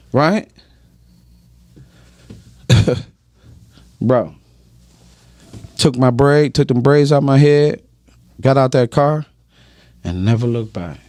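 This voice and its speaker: A man's voice: mid-range voice, slow, long pauses, a little mellow, dry recording. A man giving emphatic, preachy personal testimony on a podcast, often asking "right?".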